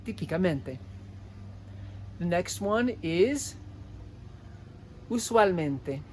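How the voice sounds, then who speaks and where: A man teaching a language lesson, repeating each word slowly and clearly so listeners can type it. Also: on the high side, lively intonation, slight background noise. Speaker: Spanish teacher. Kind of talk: slow dictation-style language lesson.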